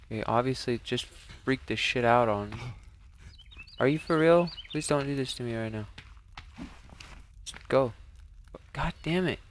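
A man streaming a survival game, commenting live as he plays, cursing often and jumping from low muttering to panicked yelling. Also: moderate pace, long pauses, a little hiss or hum. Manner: swears a lot, swings from muttering to panicked yelling.

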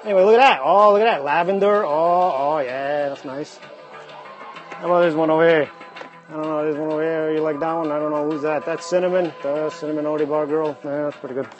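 A man hosting a casual livestream, excitedly exclaiming over items as he unboxes them on a phone mic. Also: fairly high pitch, fast talker, muffled recording, faint music behind. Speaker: livestream host.

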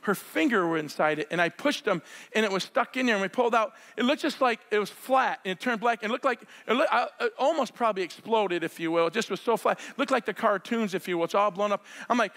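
A middle-aged man preaching a sermon, telling healing stories with excited shouts and laughter. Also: extremely high pitch, brisk, big-room sound. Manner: excitable storyteller, shouts and laughs while acting out scenes. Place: church sanctuary.

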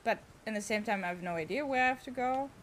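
A woman's voice: a little high, fast talker, slight background noise. A young woman, chatting and exclaiming as she streams a game. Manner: chatty, exclaiming, talks to chat. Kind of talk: casual gameplay commentary.

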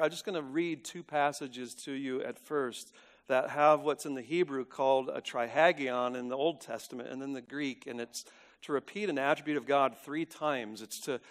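A male pastor preaching a sermon, earnest, rising to loud emphatic peaks and dropping to a hushed tone. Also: mid-range voice. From United States. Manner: earnest, builds to loud emphatic peaks then drops to a hush.

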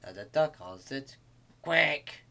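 A man reading a bedtime story aloud to kids, in a halting way with small restarts. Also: mid-range voice, lively intonation.

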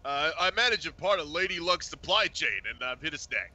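A man's voice: on the high side, animated, a little fast, bright, forceful tone, exaggerated voice. A man voicing a whiny, queasy male smuggler contact who hems and haws between his words. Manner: whining, hesitant, full of uhs. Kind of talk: voicing a game character in a playthrough.

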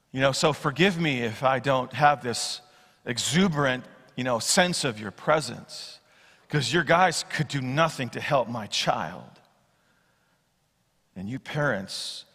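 Pastor, high bright man's voice, swings loud to soft while preaching, big church reverb. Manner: expository preaching, acts out Bible quotes, swings from loud to hushed. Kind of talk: sermon. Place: church sanctuary. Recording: long church hall reverb.

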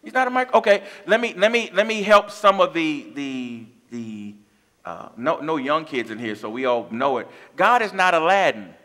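A man's voice: a little high, very animated, a little fast, few pauses, sharp tone. A man preaching a sermon as pastor of his church, impassioned, with call-and-response asides to the congregation. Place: church sanctuary.

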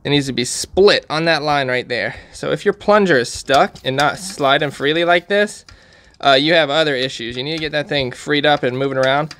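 A man's voice: a little high, moderate pace, a bit bright. A man hosting a repair channel, talking casually through a how-to, plain-spoken and repeating warnings for emphasis. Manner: plain-spoken, walks through steps while pointing things out.

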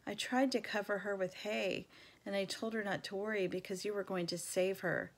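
A woman's voice: medium pitch, steady tone, moderate pace, close to an everyday voice. A woman voicing a small, loyal male stray dog who coaxes and insists. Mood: coaxing. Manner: coaxing, insistent.

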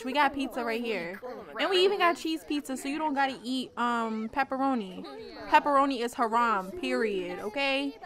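Young woman host with a bright high voice, playful and profane, riffing over her game. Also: normal speed, a crowd in the background. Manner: playful, excitable, slangy and profane. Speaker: gaming channel host. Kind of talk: casual let's-play commentary.

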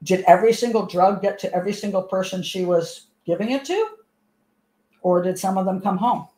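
A woman's voice: mid-range voice, fairly quick, dark tone. Chatty woman host in an echoey room. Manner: rambling, chatty storytelling with frequent restarts. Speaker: host and commentator. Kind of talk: casual commentary to camera.

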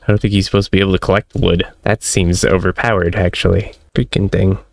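A man with a low, gravelly voice gives excitable let's-play commentary, laughing often and talking to his in-game pet. He is close on the mic in a dry, dead room with no echo. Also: fast talker. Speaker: gaming channel host.

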